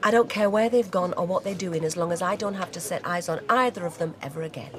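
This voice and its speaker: A woman's voice: fairly low pitch, quick pace, crowd noise, lightly acted. An actress playing a brusque, short-tempered woman boss. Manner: brusque, dismissive.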